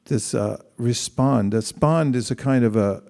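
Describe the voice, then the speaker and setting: Mellow-voiced man leading a scripture class. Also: mid-range voice, gravelly. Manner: thoughtful, questioning, pauses to rephrase. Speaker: class leader.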